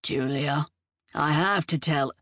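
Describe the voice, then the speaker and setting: A woman's voice: low voice, takes it slowly, a bit bright, no echo, clean studio sound. Woman doing a grave, protective man.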